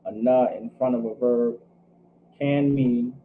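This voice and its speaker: A man's voice: mid-range voice, steady tone, a little slow, narrow, tinny audio, slight background noise. Guy teaching a hebrew class over a thin phone-ish line, talks it through, lots of "all right". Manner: thinks aloud, checks himself, repeats "all right" often. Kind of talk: teaching a scripture language class.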